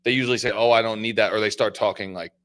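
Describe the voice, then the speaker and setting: A man's voice: on the low side, steady tone, fairly bright tone. A man who owns a restaurant, a guest in a casual talk, musing about people with a lot of "like" as filler. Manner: fast, reflective, fillers like "like". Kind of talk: casual chat.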